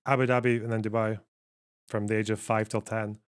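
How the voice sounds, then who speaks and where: A man's voice: lowish voice, flat delivery, brisk, smooth. A man hosting a livestream, chatting casually and bluntly with frequent swearing and laughter. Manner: profane, blunt, laughs often. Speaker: livestream host.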